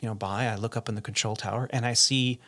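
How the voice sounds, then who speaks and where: A man's voice: fairly low pitch, fast talker. Storytelling pilot, laughing man. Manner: animated anecdotes, laughs often, acts out quotes. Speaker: podcast host and airline pilot. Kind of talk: casual chat, storytelling.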